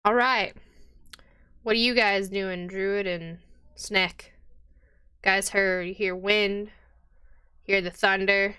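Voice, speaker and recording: A woman's voice: medium pitch, fairly even intonation, slow pace, pauses often, pushed and bright, smooth. Chatty woman game master. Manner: casual, chatty, with many fillers. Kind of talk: narrating a tabletop game.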